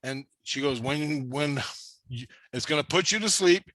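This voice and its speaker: This storyteller's voice sits on the high side and is fairly bright, his pace measured and the recording free of echo. In casual talk, he spins a long, meandering tale of his time in the spirit world, cursing nonstop and full of intensity.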